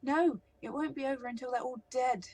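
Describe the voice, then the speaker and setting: A woman doing a rebellious young daughter from a role-playing game, upset and urgent, her voice raised and a little higher as she argues back. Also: brisk, a little mellow. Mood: defiant.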